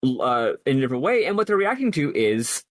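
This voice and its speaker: A man's voice: mid-range voice, big pitch swings, a little fast, no room sound. A man co-hosting a podcast, talking through his ideas in a rambling way, with many fillers and restarts. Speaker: podcast co-host. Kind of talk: casual discussion.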